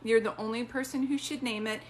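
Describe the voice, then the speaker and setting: A woman working as a psychic medium, giving readings on a live stream in a chatty, animated way. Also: on the high side, a little fast, slight background noise. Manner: chatty, animated, often acts out quoted voices.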